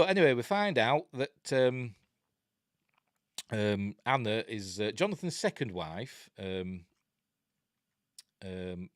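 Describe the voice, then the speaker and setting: A man's voice: fairly low pitch, no echo, studio quality. A man with a Yorkshire accent, reviewing a horror film in a rambling, jokey way, full of ums and uhs. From Yorkshire, England. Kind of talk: casual film commentary.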